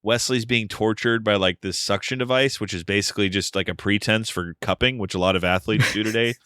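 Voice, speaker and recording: A man's voice: lowish voice, steady tone, fairly quick, a bit bright, no room sound, clean studio sound. A man co-hosting a podcast, recapping a film plot in a wry, joking way. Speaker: podcast co-host. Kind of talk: casual film discussion.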